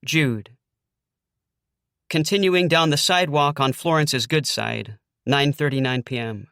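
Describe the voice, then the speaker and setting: A man's voice: a little high, unhurried, creaky, fairly bright tone, smooth, no echo. A young adult man narrating a first-person audiobook, hesitant with dry understatement.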